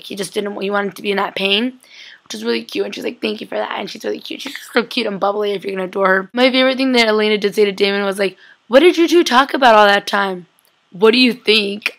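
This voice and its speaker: A young woman recapping a TV episode in a chatty, excitable way, full of "like" and acted-out quotes. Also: medium pitch, creaky. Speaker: vlogger.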